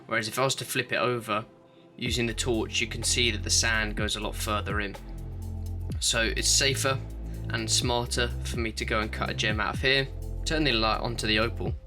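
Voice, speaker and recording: A man's voice: fairly low pitch, little pitch movement, normal speed, over music. A man who hosts his own channel, talking casually through his opal cutting in a home workshop and explaining each step with a self-deprecating, chatty manner. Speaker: opal cutter and channel host.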